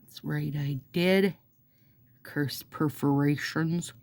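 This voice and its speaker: A middle-aged woman with a Minnesota accent talks to her viewers in a low, gravelly voice. She is unhurried and mellow, and she drifts between reading a passage aloud and chatting with rambling, self-deprecating asides. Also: steady tone, no room sound. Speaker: nail product vlogger. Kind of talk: casual chat while doing her nails, reading astrology text aloud.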